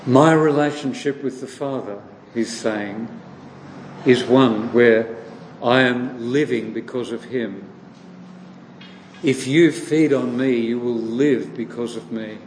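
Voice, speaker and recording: A man preaching a sermon slowly and deliberately, posing questions to his listeners and answering them himself. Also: medium pitch, a little mellow. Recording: echoey hall with long reverb, faint noise.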